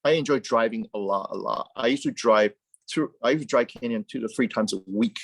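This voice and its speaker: Animated man, dry close sound. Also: mid-range voice, fairly quick, no echo. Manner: animated, rambling with frequent restarts and repeated words. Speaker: guest, car company founder. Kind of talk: casual interview chat.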